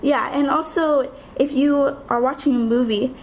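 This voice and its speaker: A young woman with a light Californian accent co-hosts a casual chat show, her voice high and full of vocal fry. She talks chattily and insists on her point. Faint hiss sits under the recording. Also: steady tone. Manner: chatty, insistent, quick to argue and laugh. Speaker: co-host.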